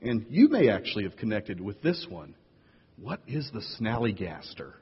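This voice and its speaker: A man preaching a sermon as pastor, playful and animated, jumping up in pitch to tease and draw in his listeners. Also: normal speed, slightly rough. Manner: playful, animated storyteller with big jumps in pitch. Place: church sanctuary. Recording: lo-fi echoey hall recording.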